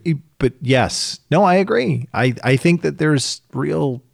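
Brief: man co-host, animated talker who acts out quotes, dry close mic. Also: a little high, a little slow, vocal fry, no room sound. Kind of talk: casual chat.

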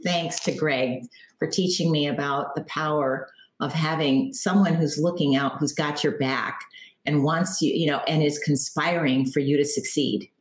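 A woman with a notably low voice talks as an interview guest, calm and reflective as she tells her stories. Her voice carries a clear room echo. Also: normal speed. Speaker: author and marketing guest. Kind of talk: interview answers.

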